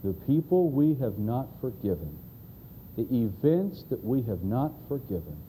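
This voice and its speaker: A man's voice: medium pitch, very animated, unhurried, mellow, a little hiss or hum, rough recording. A man preaching a sermon, telling a folksy joke and acting out the voices. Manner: folksy storyteller, drawling, acts out voices.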